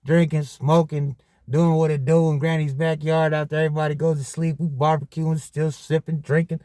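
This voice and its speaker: A man with a high voice telling a story on his podcast. His casual monologue is full of profane, animated street slang, and the sound is dry and close with no room echo. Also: moderate pace. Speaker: podcast host.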